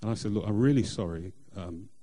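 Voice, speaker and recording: A middle-aged man, sharing a personal faith testimony in an earnest, halting way with many fillers and restarts. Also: on the low side, mellow. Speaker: church member sharing testimony.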